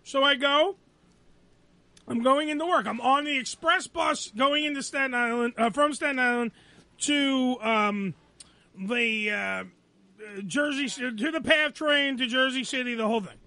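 A man hosting a radio show, telling an angry, profane story about being fired, loud and repetitive. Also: very high-pitched, measured pace. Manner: angry, loud, swearing, repeats himself.

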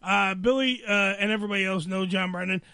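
Brash high-voiced male radio host. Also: gravelly, bright, forceful tone. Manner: brash, profane, rapid riffing. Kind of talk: crude comedic banter.

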